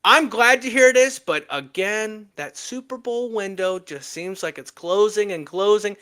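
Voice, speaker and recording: Sports podcast co-host, male, high and bright, playful and emphatic. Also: measured pace, smooth. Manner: animated, joking, emphatic trash talk. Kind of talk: casual sports podcast chat.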